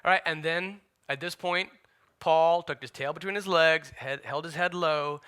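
A man preaching a sermon as pastor, emphatic, swinging between loud declarations and hushed asides. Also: a little high, normal speed, clear, resonant tone.

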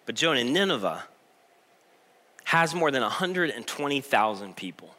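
A pastor voicing God, earnest and patient. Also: male voice, mid-range voice, big pitch swings, normal speed, pushed and bright. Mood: gentle. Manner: earnest, pleading rhetorical questions. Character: God, patient fatherly male voice questioning a sulking prophet.

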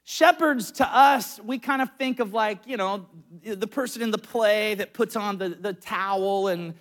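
A man with a notably high voice preaches to his congregation. He is in middle age and tells personal stories in an animated way, full of quick asides and restarts. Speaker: pastor.

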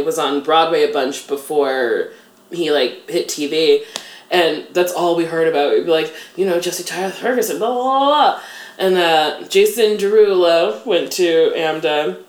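A woman's voice: low voice, fairly even intonation, a little slow. A woman in her thirties chatting casually in an interview, self-deprecating and filling her talk with "like". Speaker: interview guest. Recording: echoey room.

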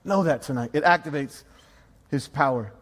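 Male pastor, high voice, emphatic sermon delivery with repeated phrases, long hall reverb. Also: normal speed, fairly bright tone.

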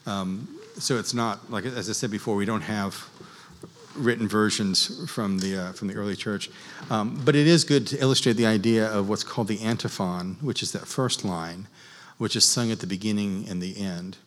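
A man teaching church music to a class, explaining in an unhurried, halting way with many fillers. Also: fairly low pitch. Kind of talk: class lecture leading group chant. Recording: long reverb in a large hall.

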